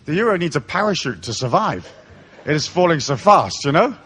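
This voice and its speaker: A middle-aged man from Africa addresses a live seminar audience with profane, sardonic humour. His voice sits a touch high and swings widely in pitch as he tells comic stories. He sounds irreverent and mocking throughout. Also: sing-song, a little fast, a bit bright, breathy edge. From raised in Africa, born in England. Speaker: seminar speaker.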